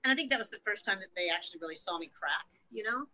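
Woman spilling her story to an interviewer, bright sharp tone, cursing a lot, raw and honest. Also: mid-range voice, animated, racing, poor audio. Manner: frank and profane, emotional retelling. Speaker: interview guest. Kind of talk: candid personal storytelling.

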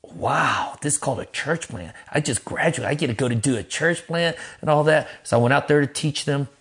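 A middle-aged man, a pastor, telling his life story in an interview in a lively, casual way, acting out quotes in a raised voice and cursing freely. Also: fairly quick. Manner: animated, acts out quotes in a high voice, laughs, swears casually.

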